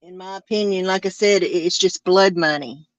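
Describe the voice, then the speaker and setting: A woman's voice: on the low side, moderate pace, no room sound, muffled recording. A woman, hosting a podcast in a casual chat that rambles and halts with many fillers and restarts. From Arkansas. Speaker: podcast host.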